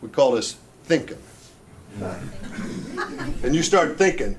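A middle-aged man with a fairly high, animated voice speaks slowly with long pauses while presenting a marriage workshop. He jokes with the couples, quizzes them, and keeps asking "right?" in this humorous live lecture, recorded with the audience audibly reacting.

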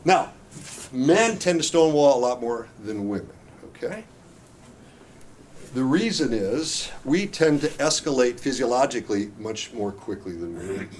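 A middle-aged man talks through a marriage seminar in a relaxed, conversational way. His pitch sits in an ordinary male middle range, and he keeps things folksy, with jokes and frequent check-ins with the audience. A faint noise sits under the voice. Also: a little slow.

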